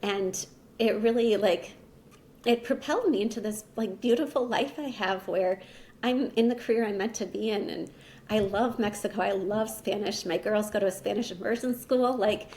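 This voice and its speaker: A woman in her thirties recounts a personal story as a podcast guest. Her speech is casual and chatty, full of "like" and "you know," and sits at an unremarkable middle pitch. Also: moderate pace, a little mellow. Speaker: podcast guest, language teacher.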